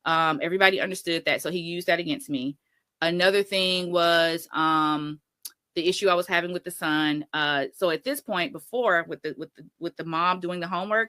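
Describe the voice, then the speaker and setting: A woman's voice: lowish voice, fairly quick, pushed and bright, no echo. A woman teacher telling her story in a casual interview, rambling and often correcting herself. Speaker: teacher and guest.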